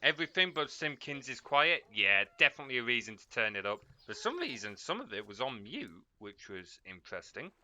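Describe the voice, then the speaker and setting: A man's voice: medium pitch, big pitch swings, fairly quick, few pauses, bright, forceful tone. A man casually commentating a strategy game stream, chatting to viewers and laughing often.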